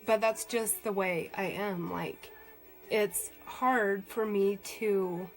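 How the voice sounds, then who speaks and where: A woman's voice: medium pitch, steady tone, slow pace, faint music behind, rough recording. A woman, chatting on a live stream while she cries and rambles with many fillers. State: crying. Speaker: vlogger doing a live stream. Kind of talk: casual live-stream chat.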